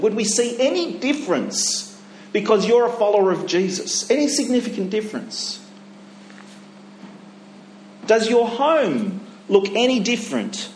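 A man preaching a sermon, emphatic and full of rhetorical questions, dropping his voice low when he voices inner thoughts. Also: a little hiss or hum. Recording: echoey hall, faint ambience.

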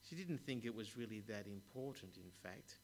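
A man preaching a sermon, telling stories in a measured way with occasional stumbles. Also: lowish voice, animated, darkish tone, a little hiss or hum. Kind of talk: sermon with storytelling.

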